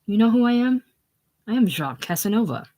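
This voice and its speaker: A woman's voice: a little high, big pitch swings, brisk, warm tone, pitched above the performer's own voice. Woman reading as an imperious aging adventurer. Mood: commanding.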